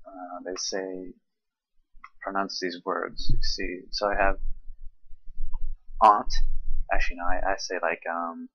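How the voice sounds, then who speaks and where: A tired young man from Charleston with a Southern accent, reading a word list slowly and hesitantly with many ums. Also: deep voice, completely flat delivery, pushed and bright, slightly rough, no echo, dull audio. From Charleston, South Carolina. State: tired, late at night. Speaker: vlogger.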